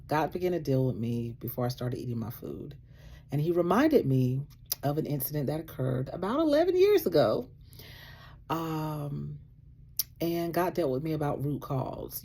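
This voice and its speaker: A woman casually telling a personal story, animated, acting out what people said and laughing often. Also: sits low, breathy edge. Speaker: vlogger sharing a faith testimony.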